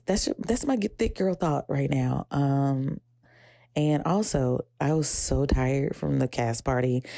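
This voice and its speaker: A young adult woman with a Southern American accent hosts a podcast, chatting casually and reflectively about personal matters, rambling and turning teary and emotional at times. Her voice is low, gravelly and dark, and she quotes her inner voice in a high pitch. The recording is clean studio sound with no echo.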